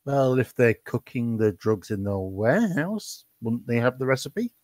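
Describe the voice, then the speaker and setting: A man's voice: medium pitch, lively intonation, unhurried, darkish tone, no echo, studio quality. Playful man with a bouncy voice. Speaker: player. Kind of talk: tabletop role-play.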